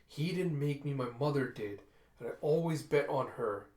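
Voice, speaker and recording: A man's voice: medium pitch, expressive, normal speed, a little mellow, close to an everyday voice. A furious, desperate young half-wolf woman, as a man reads her lines aloud. Her talk is heated and pleading, in a middle-range voice. The room around the voice echoes. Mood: angry.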